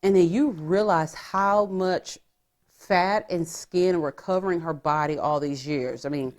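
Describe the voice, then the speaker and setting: A woman's voice: lowish voice, unhurried, a little mellow. A woman podcast host, recapping a reality show in casual, profane, gossipy chat. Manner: profane, gossipy storytelling that acts out quotes.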